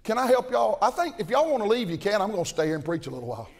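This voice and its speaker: An older man preaching a fiery sermon, folksy and impassioned, swinging from shouts to low asides. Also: big pitch swings, very fast. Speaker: pastor. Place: large church auditorium at a conference. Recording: long reverb of a big hall.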